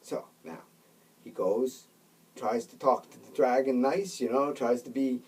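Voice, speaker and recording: A man gives casual storytelling commentary, emphatic and constantly checking in with his listeners. His voice is mid-pitched and a little husky. The microphone sits some distance away. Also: fairly even intonation, a little slow, darkish tone. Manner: emphatic, keeps checking in with "right?" and "okay?". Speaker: Catholic commentator.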